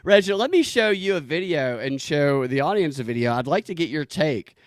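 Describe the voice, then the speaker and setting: A man hosting a streamed comedy talk show, needling his guest with teasing, deadpan questions. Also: on the high side, brisk, no room sound, clean studio sound. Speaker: streamer host. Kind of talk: casual comedic chat.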